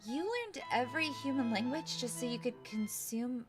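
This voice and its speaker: A woman's voice: on the high side, expressive, moderate pace, few pauses, over music. A young woman streamer playing a game, reading its text aloud and commenting in a bemused, playful way.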